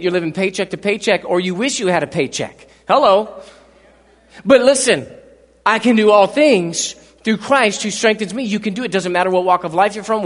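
A man preaching a fervent sermon as pastor, swinging from loud emphatic peaks to low asides and repeating words as he builds a point. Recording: live sermon with long hall reverb.

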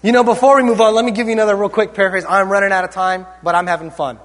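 A male pastor with a very high, light voice delivers a sermon, tossing playful, joking asides to his congregation. His words ring out with the long reverb of a large church hall. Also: steady tone, racing, fairly bright tone.

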